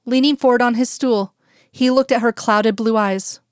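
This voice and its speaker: A woman narrating a fan-fiction audiobook in a steady, even storytelling manner. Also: fairly high pitch, moderate pace, clear, resonant tone, no echo, studio quality.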